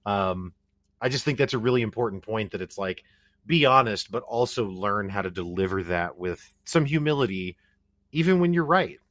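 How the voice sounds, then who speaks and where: A man hosts a podcast and talks in a reflective way, thinking aloud as he builds his point. His voice sits fairly low, and the sound is dry and close. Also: expressive, moderate pace, a bit bright, no echo. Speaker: podcast host. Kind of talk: conversational interview.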